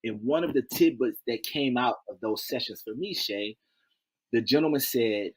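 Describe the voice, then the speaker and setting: A man as an interview guest, telling stories in a lively, folksy way, acting out quotes and repeating key phrases. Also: mid-range voice, normal speed, breathy edge. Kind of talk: animated interview storytelling.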